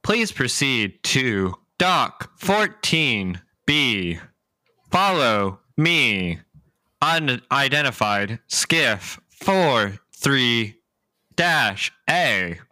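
Slow flying robot drone, bright dry tone, measured announcements, as a game master puts it on. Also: male voice, medium pitch, sing-song, dry recording, heavily acted. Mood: instructing.

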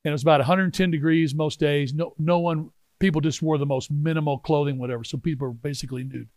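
A man in his sixties telling a personal story in a sermon, swinging from hushed asides to loud exclaiming. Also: on the high side, fairly even intonation, fast talker, no echo. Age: 60s. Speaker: pastor.

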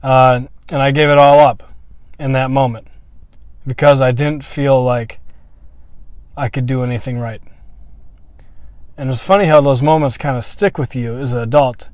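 A man telling a personal story in a candid, reflective monologue, swearing freely and pausing to restart his thoughts. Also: mid-range voice, fairly even intonation, darkish tone, dry recording.

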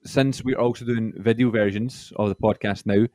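A man hosting a podcast in a relaxed chat, steering the conversation. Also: lowish voice, normal speed, no room sound, studio quality. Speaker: podcast host. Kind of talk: casual chat.

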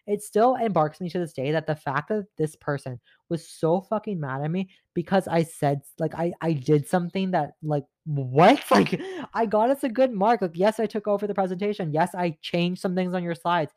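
A man's voice: on the high side, no echo. Young man, vlog storytime, fired-up and ranty, filler-heavy, dry close sound. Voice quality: heavy filler 'like', frequent swearing. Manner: animated, exasperated, laughs mid-rant. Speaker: vlogger telling a story. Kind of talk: casual storytime monologue. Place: at home in front of a mirror.

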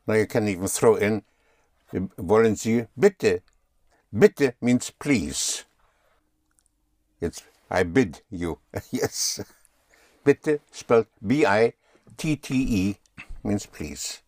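A man's voice: lowish voice, lively intonation, takes it slowly, long pauses, darkish tone, no room sound. A man teaching German in a patient one-on-one lesson, often spelling words out letter by letter.

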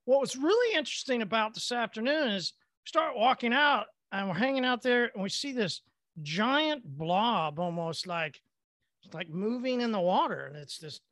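A man from Oklahoma hosting a casual chat and telling a story in an animated, excitable way. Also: extremely high pitch, moderate pace, dry recording, clean studio sound. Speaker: host.

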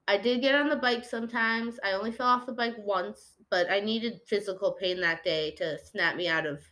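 A woman hosting her own podcast, talking candidly and rambling, swearing freely and restarting her sentences, a little high while recording. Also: sharp tone. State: slightly high. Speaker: podcast host. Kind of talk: casual personal podcast monologue.

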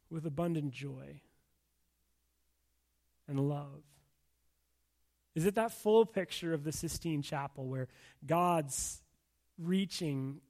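A man pastor giving a sermon to a live audience with slides, talking in a loose, conversational way with frequent restarts and "right?" asides. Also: sits high.

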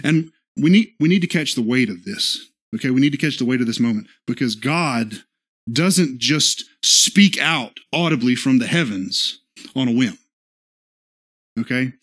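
A man preaching an earnest church sermon. He keeps checking in with the congregation with little "okay?" and "right?" asides. He slows down when he quotes scripture. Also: mid-range voice, lively intonation, fairly bright tone, husky. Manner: slows for scripture quotes, acts out short dialogue. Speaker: pastor.

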